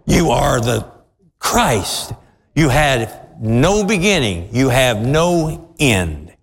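A man preaching a sermon in a church, with fervent, drawn-out emphatic phrases. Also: mid-range voice, very animated, vocal fry. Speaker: pastor. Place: church sanctuary with congregation responses. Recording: long church reverb.

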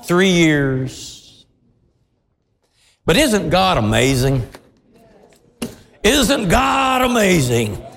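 Animated preaching man in a reverberant hall. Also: fairly high pitch, vocal fry. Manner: dramatic, animated storytelling. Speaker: pastor. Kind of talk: sermon. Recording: long reverb of a large hall.

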